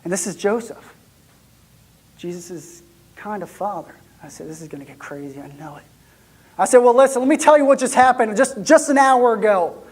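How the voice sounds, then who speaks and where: A man acting out an excitable young shepherd in a first-person church monologue, chatty and lively, then dropping to hushed tones. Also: high-pitched, normal speed, breathy edge. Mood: hushed awe.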